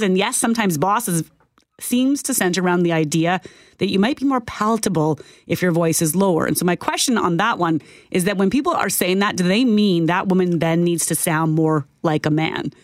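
A woman's voice: on the low side, no room sound. Woman co-hosting talk radio, dry studio sound. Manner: thoughtful, questioning. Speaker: radio show co-host. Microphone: studio microphone.

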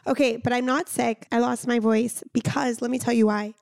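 A woman co-hosting a podcast, her voice raspy and hoarse from losing it, chatting casually, swearing freely and telling stories. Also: on the high side, steady tone, normal speed, hardly any pauses, darkish tone, dry recording, clean studio sound. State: hoarse, lost voice. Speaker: podcast co-host. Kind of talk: casual chat.

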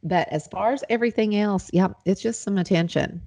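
A middle-aged woman co-hosting a podcast, chatting in a relaxed, amused way. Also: medium pitch, a little fast, dry recording. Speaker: podcast co-host. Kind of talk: casual chat.

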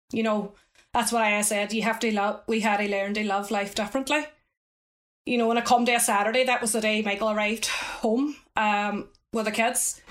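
A middle-aged Northern Irish woman telling stories as an interview guest, chatty and lively, with frequent asides. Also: mid-range voice. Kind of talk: casual storytelling.

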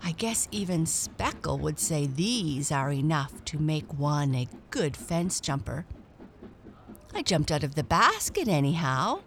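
A woman's voice: low-pitched, very animated, unhurried, a bit bright, a little hiss or hum, heavily acted. A woman voicing a small female black cat who is timid but adventurous, musing to herself in a chatty way. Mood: relieved.

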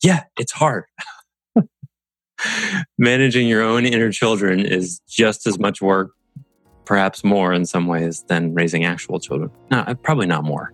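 Low-voiced guy coaching a group, acts out little inner voices, dry close sound. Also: measured pace, no echo, soft background music. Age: adult parent. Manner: expressive, mimics inner voices with changes of tone. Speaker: coach leading a group call. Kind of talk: reflective coaching talk.

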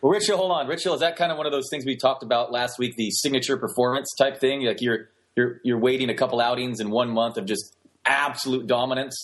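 A man co-hosting a podcast over a remote call, talking quickly with restarts, his line at times garbled. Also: mid-range voice, steady tone, low-quality recording. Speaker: podcast co-host. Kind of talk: casual chat. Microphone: remote call, garbled connection.

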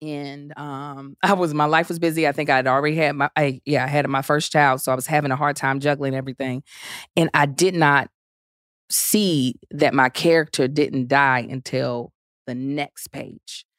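A woman's voice: low voice, moderate pace, dry recording, clean studio sound. A woman telling stories as a podcast guest in casual chat, acting out quotes and laughing often. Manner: animated storyteller, acts out quotes, laughs often.

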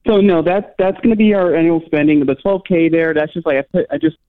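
A man calling in to a radio show, talking in a halting way with many fillers. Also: fairly high pitch, fairly even intonation. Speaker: caller. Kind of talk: call-in question on radio. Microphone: phone line. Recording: tinny phone line.

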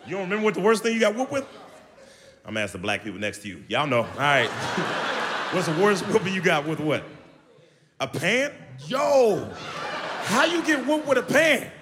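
Stand-up comic, young man, high voice that leaps around, live in a big hall with a crowd. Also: fairly quick, pauses often, background noise. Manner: loud, animated, jumps to high shouts. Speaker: stand-up comedian. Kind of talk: stand-up comedy set. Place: large comedy venue on stage. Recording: live show in a hall with audience.

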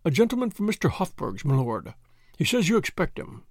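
A discreet butler, low and deferential, as a man plays him in a storybook. A gravelly texture in a dry, close recording. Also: big pitch swings, brisk, no echo.

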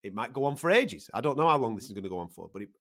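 A man's voice: mid-range voice, very animated, rapid-fire, fairly bright tone. A man co-hosting a podcast, talking casually and emphatically, often restarting to find his words. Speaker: podcast co-host. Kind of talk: casual chat.

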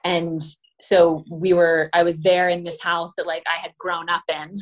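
Pregnant woman guest from LA, effusive and chatty, acts out quotes, slightly low register. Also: flat delivery, a little slow. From Los Angeles, USA. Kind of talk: casual chat.

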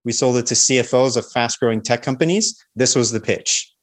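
A confident man talks through sales tactics as a guest on a podcast. His pitch sits in an ordinary middle range, and he keeps an energetic teaching manner, briefly acting out the calls he describes. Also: brisk. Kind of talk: podcast interview.

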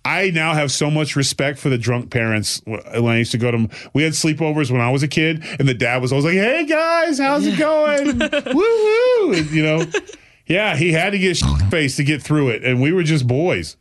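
A man's voice: on the high side, a little fast. A man co-hosting a casual chat show, telling stories with lots of mocking impressions. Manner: animated storyteller who slips into mocking impressions. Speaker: podcast co-host.

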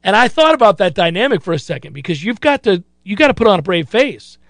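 A man's voice: high voice, very animated, fast talker, a bit bright, no echo. A man hosting a sports talk radio show, chatting casually and acting out other people's lines.

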